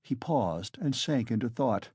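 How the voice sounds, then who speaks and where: A man narrating an audiobook in a measured, even storytelling manner. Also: medium pitch, husky, dry recording, clean studio sound. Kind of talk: scripted narration.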